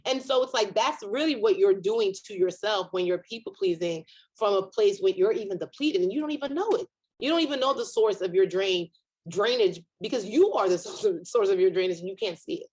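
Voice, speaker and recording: A woman comedian and author, guest on a virtual panel, talking in an animated storytelling way and acting out inner voices. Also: a little fast. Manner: animated storyteller, acts out inner voices with big pitch jumps.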